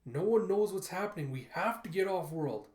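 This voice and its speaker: A frightened but determined little girl, as a man puts her on, pitched high and urgent. She pleads fast and breathless in an echoey room. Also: animated, darkish tone. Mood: pleading.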